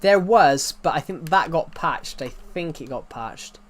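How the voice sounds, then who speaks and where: A man's voice: on the high side, expressive, unhurried. A young man rambling through live gaming stream commentary, talking to himself and to chat as he plays. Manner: rambling, talks to himself and chat while playing. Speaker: gaming livestreamer.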